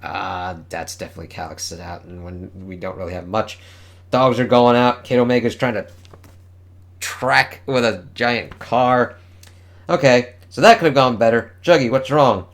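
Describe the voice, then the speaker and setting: A man's voice: medium pitch, normal speed, gravelly. A man casually reviewing a comic book, swearing freely and reading the dialogue aloud. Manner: casual and profane, reads dialogue aloud in voices. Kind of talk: casual read-along review.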